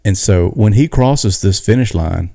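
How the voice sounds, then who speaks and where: A man co-hosting a podcast, telling a story in a casual, animated way with many restarts. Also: lowish voice, a little slow, creaky, no room sound, studio quality. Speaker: podcast co-host. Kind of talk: casual chat.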